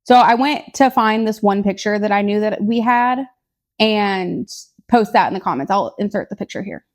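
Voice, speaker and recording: A woman, a podcast co-host telling personal stories in casual chat, blunt and candid with dark humor. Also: medium pitch, normal speed. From Tennessee, USA. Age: 20s.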